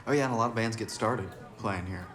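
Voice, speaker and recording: A man's voice: lowish voice, quick pace, over music. A man, a musician being interviewed, telling stories casually and acting out the voices of people he met. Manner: animated, acts out people's voices in his stories. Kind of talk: casual storytelling.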